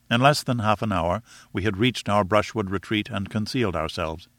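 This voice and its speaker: Bright-voiced male audiobook narrator. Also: lowish voice, normal speed, dry recording. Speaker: audiobook reader. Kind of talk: scripted narration.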